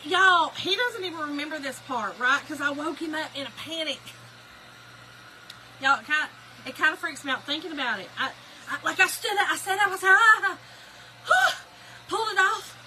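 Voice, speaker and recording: A woman hosting a casual livestream, telling a story to her viewers in an animated way and often breaking into laughter. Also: high voice, a little fast, slight background noise. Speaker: livestream host.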